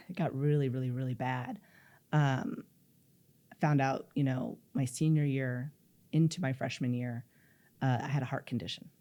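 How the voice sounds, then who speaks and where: A middle-aged woman telling a personal story in an interview, acting out the dialogue she quotes. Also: very deep voice. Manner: animated, acts out quoted dialogue. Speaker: guest.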